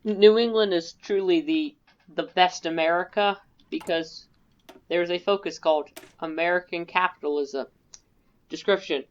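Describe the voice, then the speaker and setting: A woman's voice: lowish voice, normal speed. A woman giving casual, rambling, self-mocking commentary while playing a strategy game, in a dull lo-fi recording. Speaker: gaming video creator. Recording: dull lo-fi mic.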